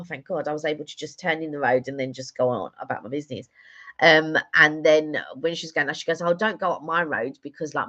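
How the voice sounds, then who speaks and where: A woman's voice: deep voice, a bit bright, lo-fi sound. A woman chatting casually on a live stream, telling rambling stories with lots of fillers. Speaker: vlogger doing a live stream. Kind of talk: casual chat.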